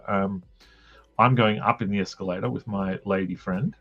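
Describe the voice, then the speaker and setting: A man's voice: deep voice, steady tone, a little fast, vocal fry, husky, dull audio. A man with an Australian accent, telling a rambling, jokey story with crude asides while drawing on a stream. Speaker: comic artist streaming.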